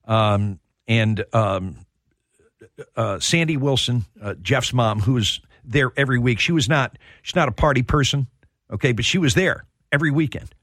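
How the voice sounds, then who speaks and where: A man hosting a sports radio show, telling stories in a heartfelt, halting way. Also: mid-range voice, fairly bright tone, no room sound, studio quality. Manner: storytelling, emotional, repeats words when starting. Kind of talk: casual sports talk.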